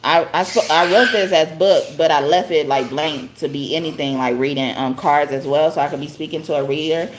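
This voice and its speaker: Chatty woman reading cards live, lowish voice. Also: fairly quick, hardly any pauses, noisy background. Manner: chatty, tags lines with "okay?", laughs often. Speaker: tarot card reader. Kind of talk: live spiritual card reading.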